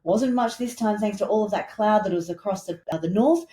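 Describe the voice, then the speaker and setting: A woman's voice: mid-range voice, fairly quick, mellow. Chatty woman walking through a weather map. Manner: chatty and enthusiastic, points along a map with little asides. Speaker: weather presenter. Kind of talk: casual weather forecast walkthrough.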